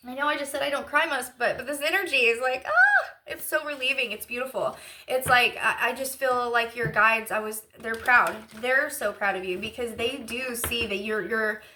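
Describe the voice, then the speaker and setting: A woman's voice: on the high side, expressive, normal speed, background noise. A woman giving a casual channeled tarot reading, chatty and emotional, rambling with lots of fillers. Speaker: intuitive tarot reader.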